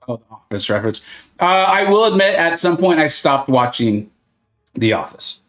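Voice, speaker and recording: His voice is fairly high, sing-song, and fairly bright, moving at a moderate pace while soft music plays behind him. Hosting a gaming live stream, he chats casually with viewers, answering their questions with jokes, silly detours, and reassuring tips.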